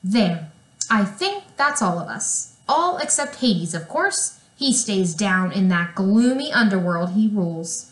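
A woman's voice: medium pitch, expressive, measured pace, a bit bright, roomy sound. A woman voicing a bossy, easily annoyed queen goddess with a commanding, sarcastic manner.

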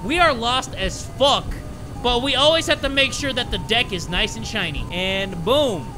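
Young male gaming host, high lively voice, joking, turns nervous; game music behind. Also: moderate pace. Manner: jokey and excitable, drops to nervous mutters when scared. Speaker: gaming YouTuber. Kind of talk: casual horror game commentary.

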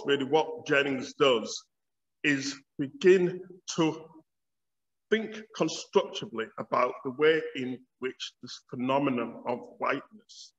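A man's voice: mid-range voice, fairly bright tone. A man in his fifties with a Yorkshire accent, giving a public lecture as a theology professor in a wry, storytelling way. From Bradford, Yorkshire, England. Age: 50s. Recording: dull audio with long hall reverb.

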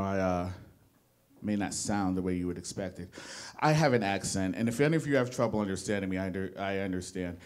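A lowish, darkish voice belongs to a young New Jersey comedian on stage in a small studio with a live audience. He rambles, puts himself down, and keeps stopping and restarting his sentences.

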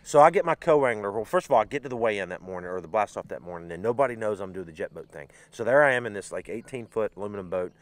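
An American man hosting a podcast, telling a story in a lively way, acting out voices and sound effects. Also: on the low side, quick pace, few pauses. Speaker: podcast host. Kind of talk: casual storytelling.

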